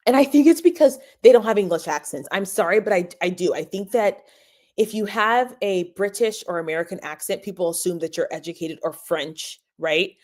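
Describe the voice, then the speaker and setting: A woman's voice: medium pitch, expressive, brisk, darkish tone. A woman hosting a podcast, giving opinionated commentary and stressing points by repeating them. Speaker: podcast host.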